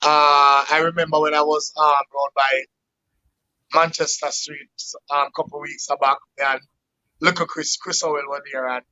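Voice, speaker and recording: Male guest artist, thankful and rambling, slightly high pitch, lo-fi audio. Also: flat delivery, normal speed, sharp tone. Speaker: guest musician. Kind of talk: interview answers. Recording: dull lo-fi sound.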